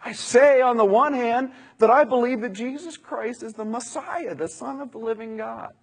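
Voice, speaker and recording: A man speaking as a remorseful male disciple who berates himself in inner monologue, with a husky voice. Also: extremely high pitch, moderate pace, big-room sound, pitched above the performer's own voice, exaggerated voice. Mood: self-reproaching. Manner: self-reproaching inner monologue.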